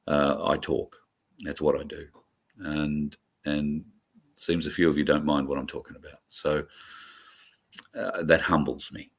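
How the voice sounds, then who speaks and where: A man with a very low, deep voice thanks his audience. He speaks sincerely and emotionally. He stumbles through fillers and restarts as he goes. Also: steady tone, husky. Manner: halting, many fillers and restarts. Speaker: host. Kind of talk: heartfelt sign-off to viewers.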